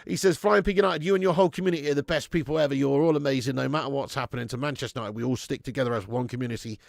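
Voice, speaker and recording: Sweary gravelly-voiced football fan host. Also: male voice, mid-range voice, rapid-fire, no room sound, clean studio sound. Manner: sweary, animated, reads viewer messages aloud. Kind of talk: live football watch-along chat.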